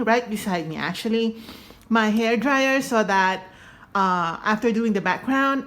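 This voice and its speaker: A woman's voice: medium pitch, fairly bright tone. A woman hosting a casual painting tutorial, chatty and giggly, with a slight lisp from her retainers. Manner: chatty, giggly, self-deprecating.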